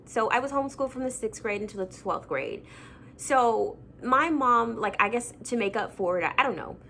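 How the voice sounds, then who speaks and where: A woman's voice: on the high side, fairly bright tone, a little hiss or hum. A young woman vlogging casually about her childhood books, chatty and self-mocking with lots of fillers. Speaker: book vlogger. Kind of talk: casual chat.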